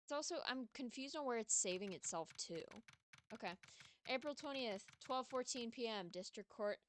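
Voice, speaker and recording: A woman's voice: on the high side, moderate pace, slight background noise. Chatty woman streaming a game. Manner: chatty, excitable, giggly asides. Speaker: streamer reading game dialogue aloud. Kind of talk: casual let's-play commentary, reading lines.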